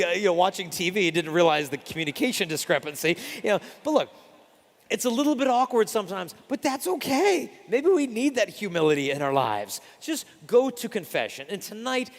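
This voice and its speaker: Animated man preaching in a reverberant hall. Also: high voice, creaky. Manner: animated, acts out voices in anecdotes. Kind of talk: storytelling sermon.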